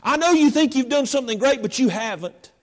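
A man's voice: very high voice, sing-song, unhurried, pitched above the performer's own voice, full character voice. A male preacher acting out angry disciples who scold a woman, raising his voice accusingly. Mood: indignant.

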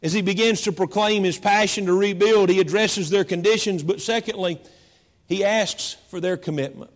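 A man preaching a sermon as pastor, repeating phrases and slowing down for dramatic emphasis. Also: sits high, long reverb tail. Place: church.

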